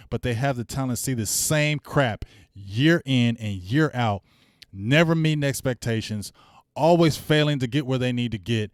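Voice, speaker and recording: Speaking at normal speed with a medium pitch, a middle-aged sports talk host delivers a heated fan rant. The sound is studio quality with no echo, and his casual speech is blunt and full of slang.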